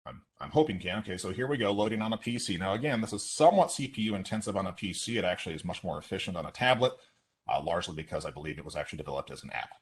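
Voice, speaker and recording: Husky low-voiced man explaining a demo. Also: lively intonation. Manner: brisk, explanatory, with asides. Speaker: instructor presenting a teaching simulation. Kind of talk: online webinar walkthrough.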